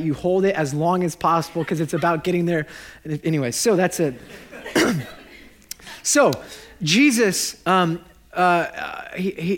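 A man in his thirties, a pastor giving a sermon, joking and animated and laughing at his own lines. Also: a little high.

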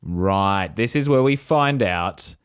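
A man's voice: low voice, expressive, slow pace, clean tone. A man co-hosting a podcast, reacting in casual chat with joking, wry asides. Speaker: podcast co-host.

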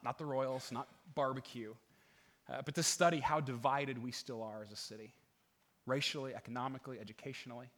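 A middle-aged man preaching as a pastor, earnest, with many restarts and fillers, getting animated as he goes. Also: medium pitch. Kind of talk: sermon with opening prayer.

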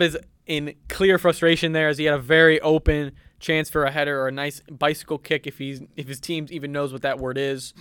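A man's voice: a little high, flat delivery, brisk, few pauses, fairly bright tone, smooth, dry recording. Young man doing mock sports commentary. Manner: mock-serious broadcaster tone with fillers. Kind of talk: playful play-by-play commentary.

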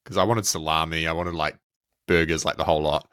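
Deep-voiced New Zealand man, chatty. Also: steady tone, brisk, fairly bright tone, clean tone, no room sound, studio quality. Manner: loose and rambling, with many fillers. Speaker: podcast co-host. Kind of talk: casual chat.

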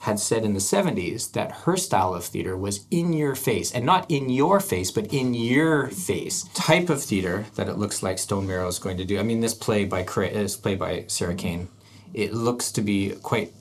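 A man's voice: lowish voice, animated, normal speed, slight background noise. A man hosting an arts podcast, chatting casually and thinking aloud with frequent restarts. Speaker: podcast host. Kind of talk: casual chat.

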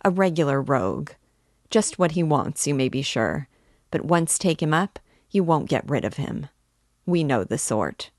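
A woman reading a huge gruff peasant porter. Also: deep voice, animated, unhurried, no echo, studio quality. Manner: blunt, forceful commands.

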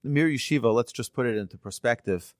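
Talking fast in a medium-pitched voice, a rabbi gives an earnest sermon woven with stories, animated throughout and raising his voice to stress key moments. The recording is studio quality with no echo.

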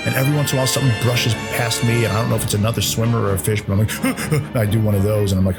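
A man's voice: on the low side, very fast, few pauses, over loud music. A man on a podcast telling a rambling, self-deprecating story, full of cursing and restarts. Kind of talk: casual comedic storytelling.

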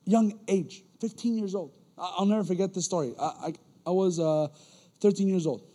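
A young man preaching a sermon as a church elder, telling stories with animated energy and repeating words as he gets going. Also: high-pitched, moderate pace. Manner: animated storytelling, repeats words when excited.

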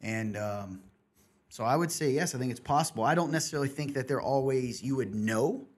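A man's voice: mid-range voice, a little fast. A man in casual podcast chat, a pastor and host who tells stories in a rambling way, with many restarts.

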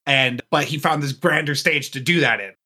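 A man pitching his character as a player, in casual, rambling talk full of "like". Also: moderate pace, pushed and bright, husky. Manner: rambling, many fillers like "like". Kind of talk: casual podcast chat.

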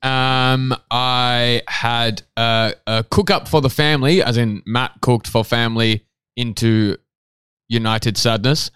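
A young man co-hosting a podcast in a laid-back, hesitant way, often pausing with fillers. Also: medium pitch, steady tone, fairly bright tone, clean tone, no echo. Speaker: podcast co-host. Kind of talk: casual podcast banter. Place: hotel podcast room.

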